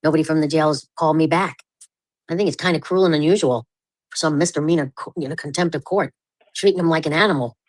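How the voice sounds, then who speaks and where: A woman's voice: low-pitched, quick pace, dry recording. An upset woman calling about her son, stammering as she speaks. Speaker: caller, mother of a jailed son. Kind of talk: phone call.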